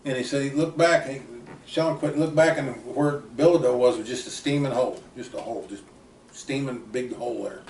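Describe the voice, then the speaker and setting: An older American man with a mid-range, darkish voice talks a little fast, rambling casually through long family stories like a plainspoken, folksy uncle. The mic is distant in a roomy space, with faint background noise.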